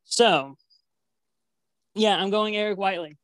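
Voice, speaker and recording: A woman's voice: medium pitch, unhurried, no room sound. A woman co-hosting a casual podcast, chatty and playfully competitive, rambling as she makes her predictions. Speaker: podcast co-host making match predictions. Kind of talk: casual chat.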